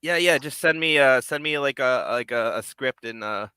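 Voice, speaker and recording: Building puppets live from home, a man with a bright, forceful, mid-range voice chats at a normal pace. His clear, resonant tone comes through on a dry recording as he rambles, says things more than once, and laughs to himself.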